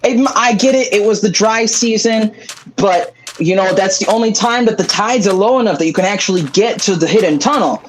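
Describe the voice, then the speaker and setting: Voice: mid-range voice, fairly quick, slight background noise, low-quality recording. A streamer in casual chat, playful and jokey, rambling through silly asides. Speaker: streamer, co-host. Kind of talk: casual chat while gaming.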